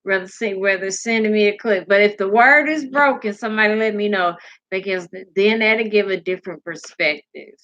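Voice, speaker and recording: A woman's voice: medium pitch, moderate pace, a bit bright, dull audio. A sleepy woman hosting a casual live stream, rambling, laughing and answering comments from her chat.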